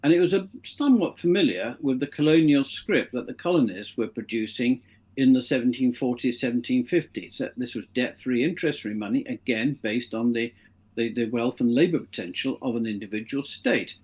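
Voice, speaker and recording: A man's voice: medium pitch, a little fast, darkish tone. A middle-aged man, a guest in an interview, telling long anecdotes and acting out the voices of the people in them. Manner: anecdotal, acts out the voices in his stories. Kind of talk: casual interview storytelling.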